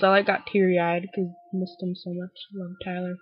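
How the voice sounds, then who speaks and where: A young woman talks through a TV episode in a loose, gushing ramble, peppering every line with "like" and slipping into quick impressions of the characters. She sits close to a cheap built-in mic, so her voice comes across dry and a little muffled. Her pitch is middling for a woman. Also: little pitch movement, no room sound. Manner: gushing, heavy use of "like", acts out characters' lines. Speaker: TV recap vlogger. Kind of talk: casual chatty recap. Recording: dry dull lo-fi webcam audio.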